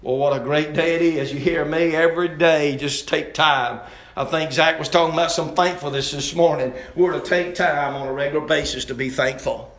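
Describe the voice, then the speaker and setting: Folksy preacher in an echoey church. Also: male voice, fairly high pitch, steady tone, moderate pace. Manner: folksy, impassioned, swings between loud exhortation and hushed intensity. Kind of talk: sermon. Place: church sanctuary.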